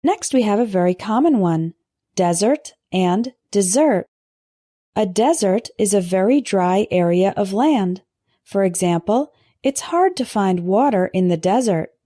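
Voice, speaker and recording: Slow, careful woman teaching English words. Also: medium pitch, expressive, warm tone, no room sound, studio quality. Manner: slow, careful pronunciation drills. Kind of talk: scripted vocabulary lesson.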